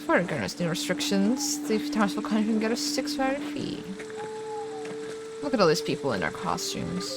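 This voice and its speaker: A woman's voice: medium pitch, heavy background noise. A woman streaming a video game live, chatting casually, laughing often and reading the dialogue aloud with some drama. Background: game music.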